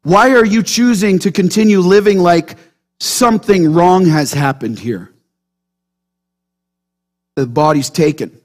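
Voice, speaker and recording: A male pastor delivering a sermon with a notably high voice for a man. He talks animatedly and keeps drawing the congregation in with quick questions.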